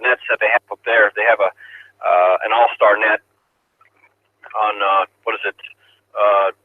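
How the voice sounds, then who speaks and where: Over tinny two-way radio audio, another check-in to an amateur radio net comes from a man with a medium-pitched voice, recorded dry. He rambles along casually, sounding amused.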